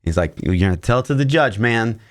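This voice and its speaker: A podcast co-host in his thirties tells a long personal story in a deep, low voice. He talks casually and acts out what people said, sometimes jumping to a shout for their lines. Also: brisk. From Missouri, US. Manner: animated anecdote-telling, acting out quotes with shouts.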